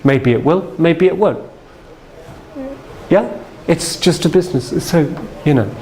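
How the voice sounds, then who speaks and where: A man's voice: on the high side, expressive, unhurried, darkish tone, a little hiss or hum. Male seminar trainer, chatty storyteller who keeps asking "yeah?", speaking from a stage. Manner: anecdotal, chatty, checks in with "yeah?". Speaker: sales trainer. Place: stage in front of a seminar audience.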